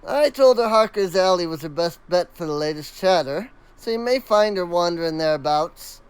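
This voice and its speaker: A man voicing a gruff male ship captain, in salty sailor talk with a put-on accent. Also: high-pitched, animated, normal speed, rough recording. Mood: gruff, helpful.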